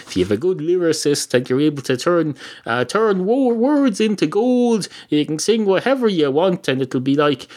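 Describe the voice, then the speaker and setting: A man's voice: a little high, big pitch swings, moderate pace, darkish tone. An Irish man hosting a podcast, telling a rambling comic story and correcting himself as he goes. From Ireland. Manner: rambling, with frequent self-corrections. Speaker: podcast host.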